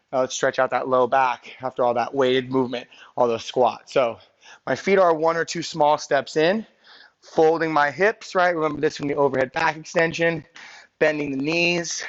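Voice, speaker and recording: A man coaching a live workout, out of breath as he counts reps, whoops encouragement, then calmly talks through breathing and stretches. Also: mid-range voice, normal speed, muffled recording. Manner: energetic cheering and counting reps, then calm cool-down cues. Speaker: fitness coach.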